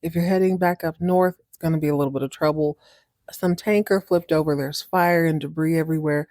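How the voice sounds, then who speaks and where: A woman's voice: low-pitched, fairly even intonation, a little fast, darkish tone, no echo, clean studio sound, natural voice. A woman doing a plain-spoken small-town sheriff. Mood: cautionary. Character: small-town male sheriff giving a warning.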